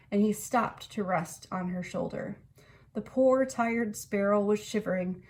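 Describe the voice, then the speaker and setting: A woman reading a children's picture book aloud in an expressive storytelling way. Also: medium pitch. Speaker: storybook reader.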